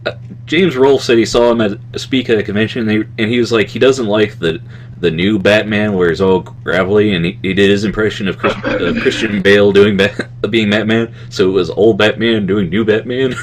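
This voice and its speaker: A man's voice: lowish voice, steady tone, fairly quick, a little hiss or hum. A man co-hosting a podcast in casual chat, rambling from one thought to the next, chuckling and trailing off with "anyway". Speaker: podcast co-host.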